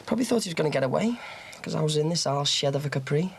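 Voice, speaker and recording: In a TV soap drama, an actor plays a cocky young ex-con who boasts about his violent exploits with a swaggering chuckle. He uses a full character voice that is on the high side, expressive, very fast, and creaky with a breathy edge.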